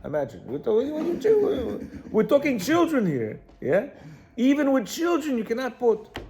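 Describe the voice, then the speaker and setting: A man's voice: very high voice, wildly swooping pitch, measured pace, a little mellow, slight background noise. A man teaching a class, reading from a text and explaining it, repeating phrases and checking in with his listeners.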